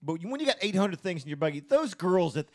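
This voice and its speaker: Lively-voiced man in his forties. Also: high-pitched, a little fast, no room sound, clean studio sound. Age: 40s. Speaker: podcast co-host. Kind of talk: casual podcast chat.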